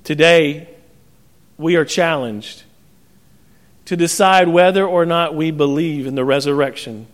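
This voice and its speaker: A man's voice: fairly high pitch, a little slow, long pauses. A male pastor preaching a sermon, telling a parable and acting out its voices. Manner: storytelling, acts out voices in parables. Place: church sanctuary. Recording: church sanctuary with long reverb.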